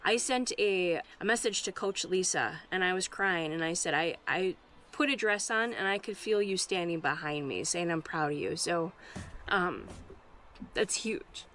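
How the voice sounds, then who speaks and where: A woman's voice: fairly low pitch, normal speed, fairly bright tone. A woman vlogger giving a candid, heartfelt update on her weight loss, close to tears at times. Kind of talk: emotional personal update.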